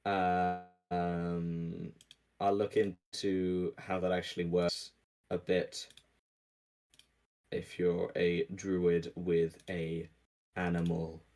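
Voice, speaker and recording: A man acting as game master on an online call, relaxed and teasing, rambling through rules. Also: deep voice, very slow. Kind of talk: casual online tabletop session chat.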